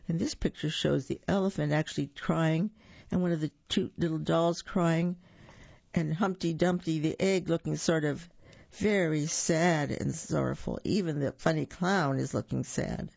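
A storyteller reads a picture book aloud, pausing to describe the pictures and stumbling over words now and then. The voice has a gravelly grain. The recording is dry and dull, a little lo-fi. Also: mid-range voice, steady tone, darkish tone, no echo.

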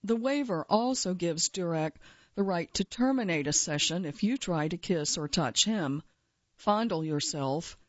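Lower woman's voice, dry wry storyteller, kinda muffled dry recording. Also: animated, unhurried, dry recording. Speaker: journalist narrator. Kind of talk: first-person narrated feature story.

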